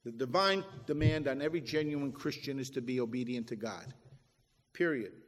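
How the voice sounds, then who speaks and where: A man's voice: mid-range voice, normal speed. A man preaching a sermon, swelling and dropping his voice for emphasis as he quotes scripture. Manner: preaching with rising and falling emphasis, quoting scripture. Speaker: pastor. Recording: echoey hall with long reverb.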